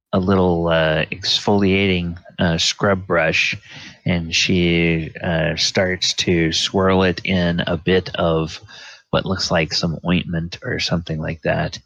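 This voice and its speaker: A man narrating as game master of a tabletop game, unhurried and full of fillers. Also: deep voice, level tone, a bit bright, no room sound, lo-fi sound.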